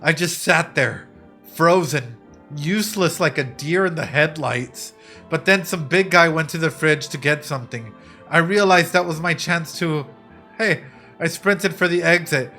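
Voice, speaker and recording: A man voicing a scared young survivor in a game, telling a story in a shaken, hushed way. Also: fairly high pitch, a little slow, faint music behind. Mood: fearful. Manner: hushed and shaken, then pleading and panicky. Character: young frightened survivor recounting an escape.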